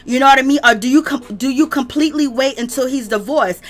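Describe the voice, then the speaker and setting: A woman hosting a casual livestream gossip show, drawling and animated, calling her viewers "baby". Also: high voice, fast talker. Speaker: celebrity gossip host.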